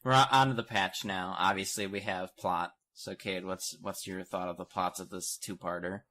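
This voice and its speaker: Young male co-host: casual, joking, a low voice with a bright, forceful edge. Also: steady tone, normal speed. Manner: joking, recaps plots with acted-out quotes. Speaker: podcast co-host. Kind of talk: casual podcast chat.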